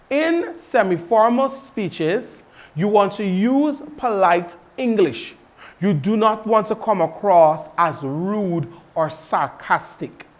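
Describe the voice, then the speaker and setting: Guy teaching english, real slow, says everything twice. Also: high-pitched. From Guyana. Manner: deliberate, repeats each example twice; emphatic, asks the class questions. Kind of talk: recorded classroom lesson.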